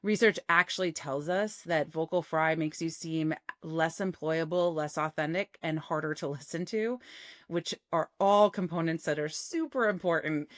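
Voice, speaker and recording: A woman working as a voice coach, giving an instructional talk and demonstrating techniques with a clean, clearly phonated voice while she varies her resonance and cadence. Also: deep voice, no room sound, clean studio sound.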